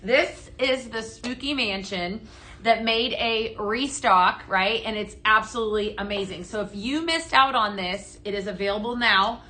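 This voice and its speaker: A woman's voice: a little high, unhurried, pushed and bright. A woman hosting a live-stream product demo, chatty and upbeat, often tagging her sentences with "right?" and greeting viewers by name. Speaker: live-stream sales host.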